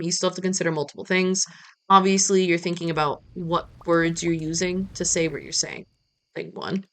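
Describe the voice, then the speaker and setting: A woman's voice: lowish voice, fairly bright tone, clear, resonant tone. A woman in her thirties from the United States, chatting playfully and rambling about her day while playing a farming game on stream. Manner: playful, rambling, self-mocking. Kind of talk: casual gameplay chat.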